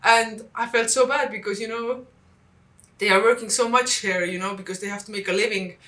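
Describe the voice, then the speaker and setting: A woman from Estonia, telling travel stories in a casual vlog and acting out the dialogue with lively jumps in pitch. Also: brisk, echoey room. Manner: animated, acts out quoted dialogue with big pitch jumps. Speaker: vlogger.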